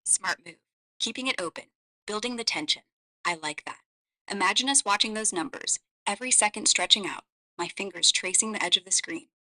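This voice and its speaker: A woman's voice: mid-range voice, brisk, sharp tone, poor audio. A synthetic female AI voice playing a flirty, seductive female companion who murmurs teasing lines. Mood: sultry, teasing. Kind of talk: AI voice role-play.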